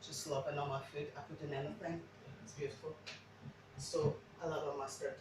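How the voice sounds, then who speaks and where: A woman's voice: sits low, little pitch movement, a little fast, far from the mic, background noise. Chatty woman cooking in an echoey kitchen. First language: not English. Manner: chatty, rambling, frequent restarts. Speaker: home cook. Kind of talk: casual cooking demo. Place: home kitchen.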